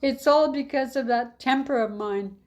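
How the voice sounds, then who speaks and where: A woman's voice: sits high, normal speed, voice pushed up, natural voice. Woman doing a fawning frightened innkeeper. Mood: pleading. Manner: wheedling, hand-wringing pleading.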